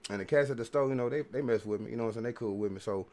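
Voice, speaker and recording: A man's voice: mid-range voice, rapid-fire, dark tone. A man hosting a podcast, rambling through a casual, profane, preachy monologue full of repeated filler phrases. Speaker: podcast host.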